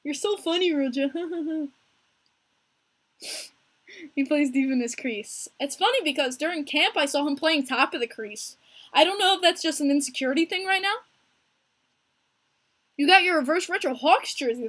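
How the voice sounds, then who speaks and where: A young American woman hosting a casual hockey podcast stream, talking in an animated, chatty way and answering viewers by name. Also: high-pitched, moderate pace, long pauses. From United States. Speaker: podcast host streaming live with chat.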